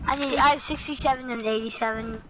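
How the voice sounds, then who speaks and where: A young woman gaming with a friend in casual chat, pleading and flustered, with quick exclamations. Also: sits high, fairly even intonation. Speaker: gamer. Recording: noisy home recording.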